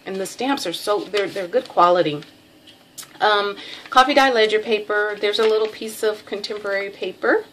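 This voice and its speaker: A middle-aged woman with a Texan drawl talks through a handmade package in a rambling, friendly show-and-tell way. Her pitch sits at an ordinary middle for a woman, and her talk is full of ums and little asides. A faint hum of room noise sits behind her. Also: moderate pace, fairly bright tone. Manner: chatty, rambling, self-deprecating, many ums. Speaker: craft seller showing a package.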